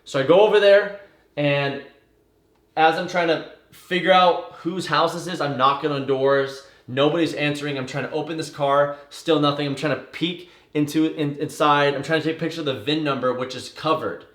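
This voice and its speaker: A man recounts a wild personal story in loose, conversational storytelling, packed with fillers and casual swearing. His voice sits a bit high for a man. The room around him rings with a noticeable echo. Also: normal speed. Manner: animated, tumbling retelling with swearing and fillers. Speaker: vlogger telling a story. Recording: echoey room.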